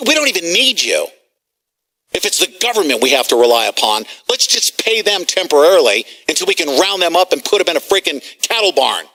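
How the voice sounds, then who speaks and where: A man hosting a talk radio show, ranting agitatedly, shouting and swearing at callers and officials. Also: fairly high pitch, very animated, a little fast. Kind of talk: heated talk radio rant.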